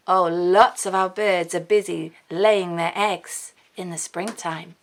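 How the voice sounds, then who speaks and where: A woman reading a picture book to preschool children, with gasps, hushed whispers and excited cheers, coaxing them with sing-song questions. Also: lowish voice, slow pace. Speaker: children's storyteller host.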